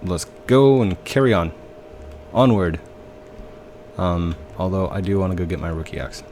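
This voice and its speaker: A man's voice: deep voice, moderate pace, darkish tone, a little hiss or hum. A man casually commenting on his own gameplay as host, chatty and sighing at glitches. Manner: chatty, sighing, mildly exasperated. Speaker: gaming video host. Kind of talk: casual let's-play commentary.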